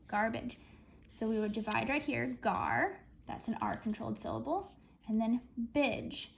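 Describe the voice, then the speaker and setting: A woman with a slightly raised pitch walks students through a spelling list in a clear, patient teaching voice. She counts down before going over each word, and a faint hiss runs under the recording. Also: poor audio. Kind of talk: spelling lesson.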